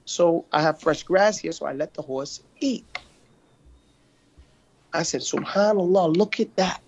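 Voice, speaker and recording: A man's voice: on the high side, a little slow. A man teaching, who tells stories from his own life and keeps asking whether his listeners are with him. The recording is a little muffled and lo-fi. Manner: storytelling, checks in with listeners often. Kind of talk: lesson commenting on a classical text.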